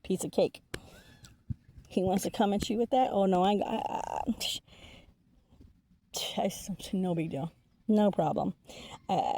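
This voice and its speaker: A woman's voice: medium pitch, takes it slowly, long pauses, mellow, no echo. A woman giving a casual tarot reading, chatty and laughing often, swearing freely between many fillers. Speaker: intuitive tarot reader.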